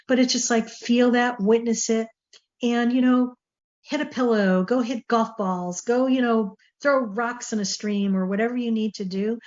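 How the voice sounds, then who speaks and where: Woman host, loose conversational delivery, mid-pitched, slightly lo-fi recording. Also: a little mellow. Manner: chatty, rambling, full of fillers. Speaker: show host. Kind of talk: casual talk-show monologue.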